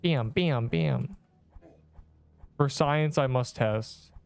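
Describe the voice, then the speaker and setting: A young male streamer talks very slowly to his chat during a casual gaming livestream, rambling and slangy as he plays. His mid-range voice is creaky and a little mellow, with a clean tone. Soft background music plays and there's no room sound.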